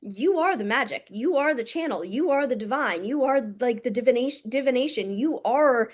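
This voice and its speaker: A woman with a fairly high voice speaks straight to camera as a spiritual coach. She talks in a frank, blunt way, swears freely, and addresses her listeners intimately as "my loves". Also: lively intonation, normal speed. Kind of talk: casual monologue to camera.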